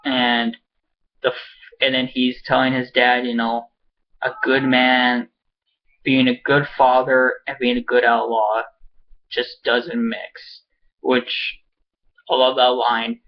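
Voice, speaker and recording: A man casually recapping a TV episode at home, excitable and swearing, rambling with lots of fillers. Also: mid-range voice, slow, pauses often, highs cut off. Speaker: show reviewer. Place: home with a pet cat.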